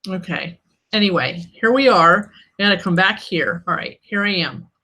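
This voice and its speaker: A woman's voice: mid-range voice, moderate pace, bright, forceful tone. A woman author hosting her own live stream in casual chat, irritated and snarky but laughing it off.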